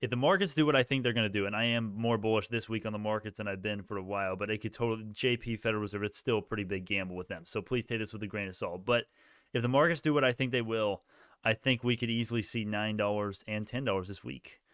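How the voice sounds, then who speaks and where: Male stock streamer, clear smooth voice, dry close sound, loose and rambling. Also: on the low side, fast, a bit bright, dry recording. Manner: rambling, casual, thinking aloud. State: sleepy, yawning. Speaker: stock livestream host. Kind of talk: live stream chat answering viewers.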